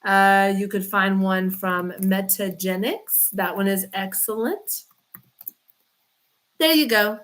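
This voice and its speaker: A woman's voice: medium pitch, takes it slowly, fairly bright tone. A woman, a chiropractor chatting casually on a livestream, rambling and greeting viewers by name. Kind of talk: casual livestream chat reading comments.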